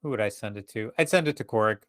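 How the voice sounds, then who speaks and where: A man playing a tabletop game, talking in a wry, deliberate way and thinking aloud. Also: fairly low pitch, a bit bright, no room sound. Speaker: player. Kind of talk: casual tabletop play.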